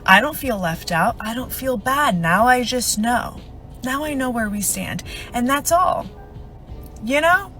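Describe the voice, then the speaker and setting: A woman talks straight to camera in a casual vlog monologue, making assertive, self-assured declarations. Her voice sits a little high. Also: expressive, measured pace, bright, forceful tone, faint music behind.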